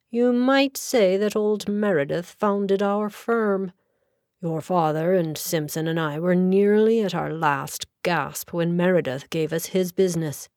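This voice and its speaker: A woman's voice: fairly low pitch, gravelly, darkish tone, no room sound, studio quality. A woman voicing a grey-bearded senior male solicitor, loyal and curt, in an audiobook. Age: older. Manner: curt, earnest.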